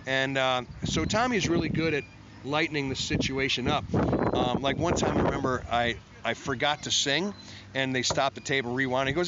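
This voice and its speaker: A musician tells a casual, rambling anecdote from the studio, mocking himself and acting out the people in it. His voice is medium-pitched at a normal speed, and the recording has a dull lo-fi sound with faint noise.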